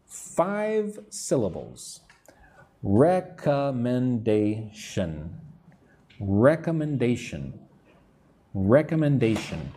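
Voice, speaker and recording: Slow-speaking American man teaching English. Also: medium pitch, big pitch swings, darkish tone. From United States. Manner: slow, clear, repeats words for drilling, greets chat viewers. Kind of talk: live-stream English lesson.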